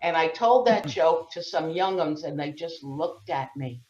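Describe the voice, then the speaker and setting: A woman's voice: deep voice, lively intonation, measured pace, a little mellow, echoey room, lo-fi sound, a little hiss or hum. An older woman from Brooklyn with a Brooklyn accent, telling bawdy stand-up jokes at an open mic with Yiddish slang. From Brooklyn, New York. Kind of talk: stand-up comedy set.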